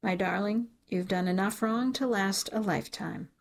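A woman's voice: medium pitch, moderate pace, close to an everyday voice. A woman reading an audiobook, voicing a stern aristocratic father who gives cold, contemptuous commands.

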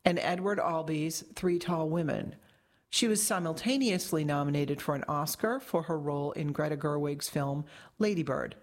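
A woman reads a long-form article aloud in scripted narration. Her voice sits a little low for a woman. The delivery is measured and articulate. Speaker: narrator reading a magazine article.

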